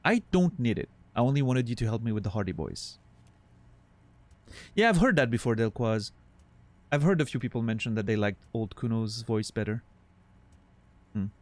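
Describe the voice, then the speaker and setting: A man's voice: lowish voice, lively intonation, normal speed, long pauses, no room sound. A man streaming live, chatting casually with his viewers and thanking them, on a studio condenser microphone.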